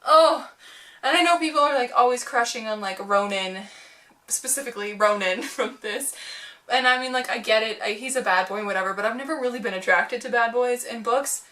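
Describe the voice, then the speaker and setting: A young woman gushes and giggles through a casual book chat, with lots of "like" fillers. Her voice is bright and fairly high. She sits a little away from the microphone. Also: fairly quick, distant mic. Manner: gushing and giggly, heavy use of "like". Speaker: book vlogger.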